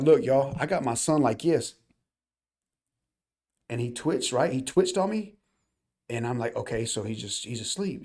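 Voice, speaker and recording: A man's voice: medium pitch, creaky, a little mellow. A man co-hosting a podcast, telling a personal story in casual chat, earnest and emphatic, often calling the listeners y'all. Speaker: podcast co-host.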